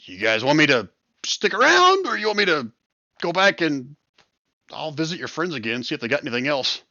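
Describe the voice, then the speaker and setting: A man's voice: a little high, big pitch swings, brisk, sharp tone, no echo, dull audio, exaggerated voice. A man voicing a wary, cunning female dragon who bargains cautiously, in a tabletop game. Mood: curious. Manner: guarded, bargaining.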